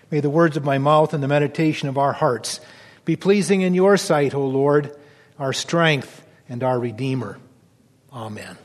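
A man, a pastor, reading scripture and preaching to his congregation in a church, in a steady, earnest voice. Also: medium pitch, normal speed. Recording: long reverb of a church hall.

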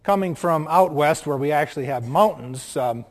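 A man's voice: on the high side, moderate pace, long reverb tail. A man with a Minnesota accent preaching a sermon as pastor, earnest and building to strong emphasis. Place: church.

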